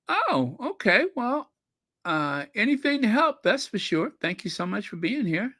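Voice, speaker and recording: A man's voice: high-pitched, sing-song, unhurried, pushed and bright, no room sound, studio quality. A man hosting his own channel, chatting casually and reading viewer comments aloud in a rambling way. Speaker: channel host.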